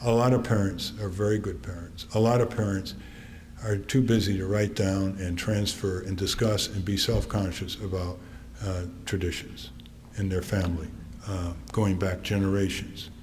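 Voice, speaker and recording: A man in his eighties from Connecticut, giving a talk to an audience and telling wry family anecdotes with frequent pauses. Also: low voice, little pitch movement, a little mellow. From Connecticut, USA. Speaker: author giving a public talk. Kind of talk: storytelling speech to an audience. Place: theater stage. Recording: long theater reverb, faint noise.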